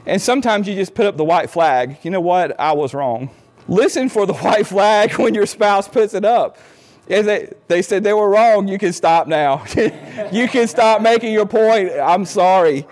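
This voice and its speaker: A man's voice: high voice, normal speed, darkish tone. A middle-aged man giving marriage advice in an earnest, conversational way, acting out the things he says to his spouse. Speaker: speaker on marriage. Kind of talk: informal talk on marriage advice.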